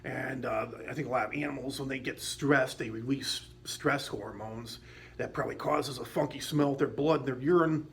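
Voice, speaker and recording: A man's voice: mid-range voice, normal speed, a bit bright, slight background noise. A man telling a personal story in a casual, rambling way, with many fillers and restarts and some blunt swearing. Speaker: vlogger.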